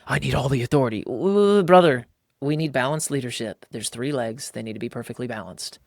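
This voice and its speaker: A man hosting a podcast, talking in a casual, emphatic way and jumping into higher, livelier voices when he acts out quotes. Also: no room sound, studio quality. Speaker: podcast host. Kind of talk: casual podcast talk on faith and marriage.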